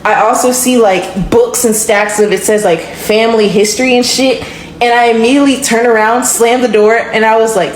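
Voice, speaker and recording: Animated young woman telling a story. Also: on the high side, normal speed, slight background noise. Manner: animated, swings into character voices. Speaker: storyteller in a short clip. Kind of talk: casual storytelling.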